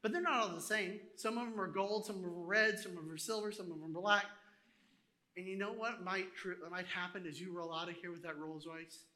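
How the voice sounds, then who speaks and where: Guy pastor preaching, chatty and animated, real bright sharp tone. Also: high-pitched, fairly quick. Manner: animated, conversational preaching with acted asides. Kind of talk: sermon.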